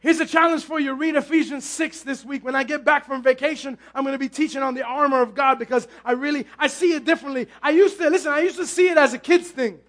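A male pastor preaching a sermon with fervor, often repeating and stumbling over his words and breaking into shouts. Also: extremely high pitch, steady tone, quick pace, hardly any pauses.

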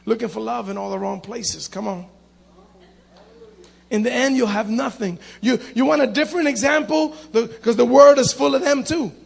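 A man preaching a sermon, animated, acting out the voices in his story and calling out to the congregation. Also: very high-pitched, creaky, slightly rough.

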